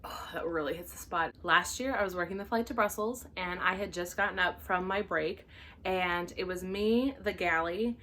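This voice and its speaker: A woman who hosts her own vlog as a flight attendant, telling a story casually with an animated, exasperated manner and some swearing. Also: lowish voice, normal speed, a little hiss or hum.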